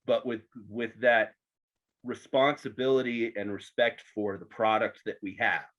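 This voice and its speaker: A man's voice: lowish voice, steady tone, measured pace, fairly bright tone, highs cut off. A man hosting a podcast, asking questions in a chatty, joking way with some false starts. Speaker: podcast host. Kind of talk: casual interview chat.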